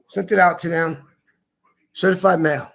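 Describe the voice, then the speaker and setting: A man's voice: sits high, steady tone, a little slow, vocal fry, fairly bright tone, slight background noise. An older man ranting angrily to the camera, heated and profane, repeating himself as he tells it. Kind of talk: angry rant to camera.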